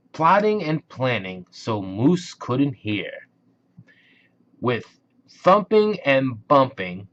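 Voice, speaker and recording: A man reading a children's bedtime story aloud in a slow, expressive storybook manner. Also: medium pitch. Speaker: narrator. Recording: dull lo-fi audio with music.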